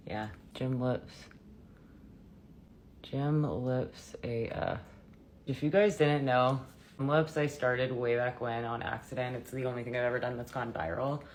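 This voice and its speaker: A woman in her thirties with a raspy voice, chatting casually and softly through a makeup tutorial. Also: a bass voice, a little hiss or hum. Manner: chatty and offhand, soft-spoken. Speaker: beauty vlogger.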